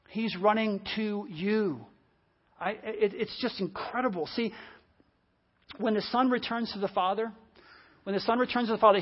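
A preacher in full sermon mode, leaning hard on repeated phrases and dropping from loud, driven emphasis to near-hushed stretches. The voice sits at a middling pitch. The recording is dull and lo-fi, with the top end muffled.

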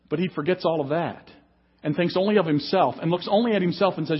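A man's voice: on the high side, fairly quick, slightly rough, muffled recording. A man preaching an emphatic sermon as pastor at a church service. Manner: emphatic preaching, reads scripture aloud.

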